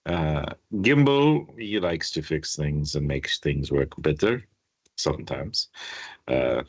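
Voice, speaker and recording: A man's voice: extremely low pitch, lively intonation, takes it slowly, breathy edge, dry recording, heavily acted. A man doing an earnest sailor captain-of-crew.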